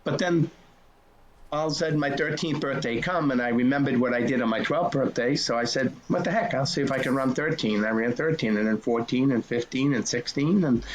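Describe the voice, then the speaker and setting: Earnest older man telling stories. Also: medium pitch. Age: 60s. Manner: folksy, earnest storyteller acting out old dialogues. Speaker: race director. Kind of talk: storytelling interview.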